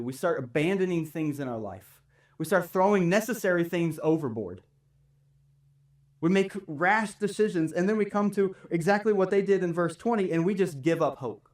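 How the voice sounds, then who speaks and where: A man's voice: a little high, distant mic. A man preaching a sermon as pastor in a church, in a conversational way that keeps asking "right?". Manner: conversational preaching, tag questions. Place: church sanctuary.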